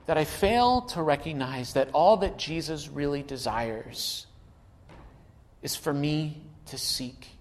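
A man preaching a sermon without notes, moving between quiet asides and loud emphatic calls. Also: fairly high pitch, takes it slowly. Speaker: pastor.

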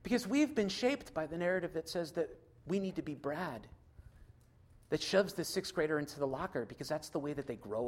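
A man preaching a sermon, swinging from loud, driven passages to soft, hushed appeals. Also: on the high side. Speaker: pastor.

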